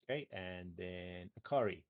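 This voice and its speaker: A man running a tabletop game as game master, narrating casually and often pausing on "um" and a repeated "cool". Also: low-pitched, smooth, narrow, tinny audio. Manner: rambling, full of "um" and repeated "cool".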